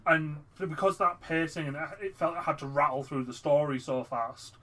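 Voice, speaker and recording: Man, co-host of a film chat podcast; animated, slightly raised pitch. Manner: animated, acts out dialogue in quick asides. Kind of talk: casual film review chat.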